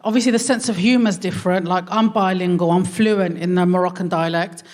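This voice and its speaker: A woman's voice: fairly low pitch, steady tone, brisk, a little mellow. Cheeky London woman doing stand-up. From Hackney, London. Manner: cheeky, slangy and self-mocking. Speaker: stand-up comedian and co-host. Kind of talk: stand-up comedy. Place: London theatre stage before a live audience.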